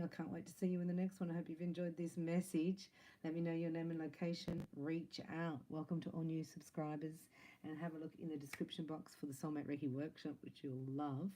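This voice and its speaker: A woman's voice: low-pitched, warm tone, rough recording. A woman giving a casual spiritual reading to her viewers, chatty and playful, laughing between lines. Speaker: psychic tarot reader.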